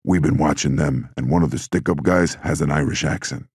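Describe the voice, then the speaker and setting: A man voicing an even-tempered male mob lieutenant who speaks levelly. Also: very deep voice, a little fast, slightly rough, dry recording, clean studio sound, heavily acted. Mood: calm.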